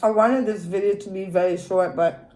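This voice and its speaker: A woman's voice: medium pitch, steady tone, normal speed, dark tone. A young adult woman, a mukbang vlogger, chatting casually while eating, with many savoring hums between her words. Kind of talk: casual eating vlog chat.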